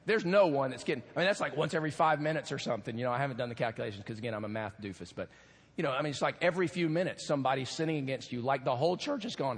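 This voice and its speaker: A man pastor giving an animated, earnest sermon with asides to the congregation in a church. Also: medium pitch, very fast, husky. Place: church sanctuary. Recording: long hall reverb.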